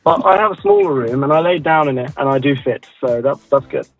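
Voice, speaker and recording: A man's voice: mid-range voice, fairly quick, faint music behind, rough recording. A man chatting as a guest on a radio show, laid-back with dry self-deprecating humor. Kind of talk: casual radio chat.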